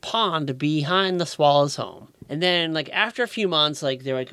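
A man's voice: a little high, normal speed, hardly any pauses, clear, resonant tone, no room sound. A man co-hosting a podcast, telling a story in casual chat, swearing a lot and loading his talk with fillers. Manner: profane, filler-heavy storytelling with loud put-on voices. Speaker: podcast co-host.

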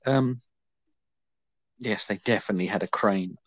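A man's voice: fairly low pitch, normal speed, dry recording. A man hosting a casual film review chat, talking with dry, wry understatement. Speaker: podcast host.

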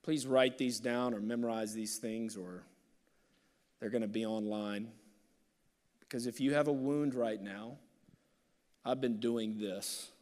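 A man preaches with passion, his voice sitting at an ordinary pitch. He leaps from loud, urgent bursts down to soft, hushed lines. The sound carries a long reverb from a large hall. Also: fairly even intonation, measured pace, long pauses. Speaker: pastor. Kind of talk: sermon.

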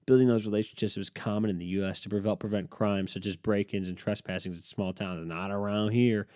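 Podcast host, man in his thirties, low voice, dry close-mic sound, sarcastic and profane. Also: fairly even intonation, a little fast, dark tone, no echo. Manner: sarcastic, swears often, reacts to headlines. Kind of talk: profane solo podcast rant.

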